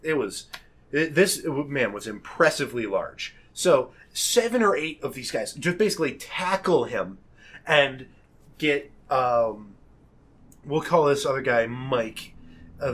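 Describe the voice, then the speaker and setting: A young man telling a wild story on a podcast in a casual, animated way. He laughs often, swears freely and acts out the people he quotes. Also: medium pitch.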